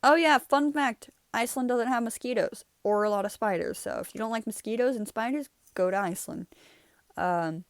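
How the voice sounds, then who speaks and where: A young woman hosting her channel chats casually about her old drawings, rambling and laughing often in a casual art review. Her mid-range voice has a clean tone at normal speed, with no echo.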